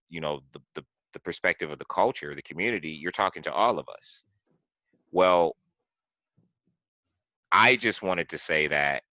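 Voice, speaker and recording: A man with an extremely low voice that still has a bright edge, talking through a story in a loose, rambling way. He keeps restarting sentences and padding them with "you know." The sound is dry and close. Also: no room sound, rough recording. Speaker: podcast host. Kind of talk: casual political discussion.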